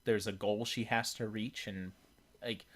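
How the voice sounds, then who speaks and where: A man's voice: fairly low pitch, fairly even intonation, measured pace. A man co-hosting a casual chat, talking in a rambling way with many fillers and restarts. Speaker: podcast co-host. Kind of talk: casual chat about video games.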